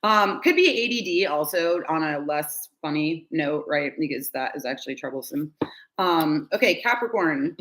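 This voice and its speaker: A woman's voice: low voice, lively intonation, normal speed, fairly bright tone. A woman giving a casual tarot reading to camera, chatty and candid, laughing often and swearing casually. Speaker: tarot reader.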